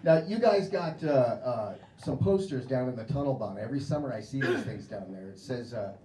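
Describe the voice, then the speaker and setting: A man's voice: medium pitch, animated, moderate pace. An American man doing a crude, mocking stand-up comedy set on a club stage, acting out voices. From United States. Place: comedy club stage before a live audience. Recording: roomy club with loud crowd noise.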